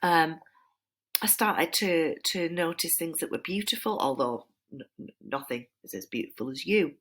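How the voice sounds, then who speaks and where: A woman voicing a sly, flattering male serpent tempter, wheedling and dropping into breathy whispers. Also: low voice, moderate pace. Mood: awestruck. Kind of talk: dramatized reading of a poem.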